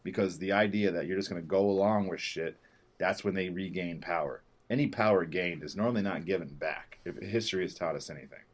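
A low-voiced man in a loose podcast chat. His talk is animated and profane, and he swings up loud and high when he vents about something. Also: brisk. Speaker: podcast co-host. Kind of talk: casual chat.

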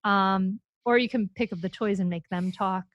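A woman's voice: mid-range voice, moderate pace, dry recording. A woman hosting an on-air coaching call as a parenting coach, talking in a playful, demonstrative way and acting out examples.

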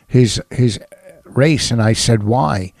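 A man's voice: mid-range voice, slow pace, vocal fry, a little mellow, no echo. A middle-aged man chatting casually as a podcast co-host, rambling through a story with many restarts and fillers. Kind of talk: casual chat.

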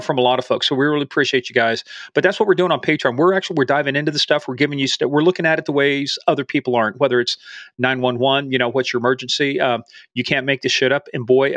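A man's voice: mid-range voice, fairly bright tone, no room sound. A man hosting a podcast in casual chat, playful and jokey, tossing in bits of Spanish. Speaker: podcast host.

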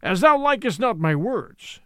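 Menacing outlaw read by a man, loud harsh voice, high and swooping, dry close sound. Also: very animated, measured pace, no room sound, full character voice. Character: harsh, fierce male outlaw in horsehide, menacing. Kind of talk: audiobook character reading.

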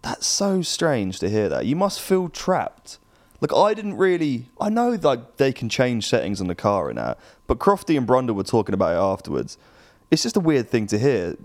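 Lively young man chatting on a podcast. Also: medium pitch, normal speed. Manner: jokey, rambling, animated storytelling. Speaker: podcast co-host. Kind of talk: casual chat.

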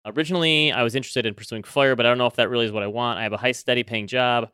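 Fast-talking man with a smooth voice. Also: mid-range voice, sharp tone, no room sound. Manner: quick dry interjections, reads listener letters aloud. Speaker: podcast co-host. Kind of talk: casual chat.

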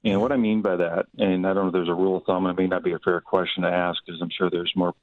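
A man's voice: deep voice, level tone, quick pace, no echo. A middle-aged man calling a radio show by phone, polite and wordy as he asks his question. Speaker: caller. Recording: phone line.

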